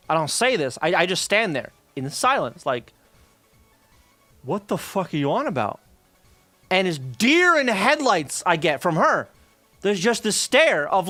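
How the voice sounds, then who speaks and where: A man with a high, animated voice rambles through a story on his stream, swearing freely and piling up fillers and asides. His tone is bright and pointed, and his pitch swings widely. The sound is dry and close, with faint music underneath. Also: unhurried, no room sound. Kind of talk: casual storytelling chat.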